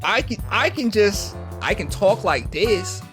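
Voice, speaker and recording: A young woman talks slowly, her pitch rising and falling a lot as she reacts. She breaks in with short, agreeing remarks while music plays in the background. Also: expressive, fairly bright tone. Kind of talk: casual chat.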